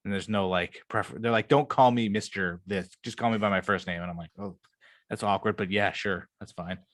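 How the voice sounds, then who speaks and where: Low-voiced man rambling and swearing. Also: brisk, fairly bright tone, no echo, studio quality. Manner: loose and rambling, swears a lot. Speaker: podcast co-host. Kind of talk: casual chat.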